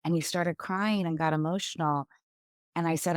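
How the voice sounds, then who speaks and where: A middle-aged woman, a podcast guest, telling personal stories in an animated way and acting out quoted dialogue. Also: low voice, fast talker, no room sound, studio quality. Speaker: guest, author and business owner. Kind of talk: conversational storytelling.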